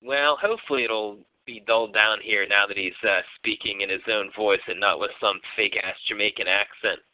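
A man talks through a casual podcast chat at an ordinary pitch, stumbling over restarts and fillers as he thinks out loud. The sound is dry and squeezed narrow, like a phone line. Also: steady tone, moderate pace, dry recording. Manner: hesitant, many fillers and restarts. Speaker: podcast co-host.

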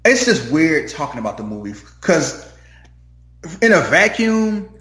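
A man's voice: on the high side, big pitch swings, a little slow, fairly bright tone. A man in casual chat about a movie, rambling and opinionated with lots of fillers. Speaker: movie podcast co-host. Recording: roomy echo.

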